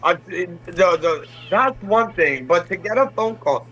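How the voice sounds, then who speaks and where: A man's voice: high-pitched, lively intonation, moderate pace, few pauses, low-quality recording. A man co-hosting a casual stream chat, joking and acting out scam callers.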